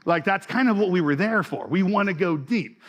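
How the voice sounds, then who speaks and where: A man's voice: sits high, lively intonation, moderate pace, muffled recording. A man in his forties, a pastor, giving a sermon in a loose conversational way with many fillers and restarts.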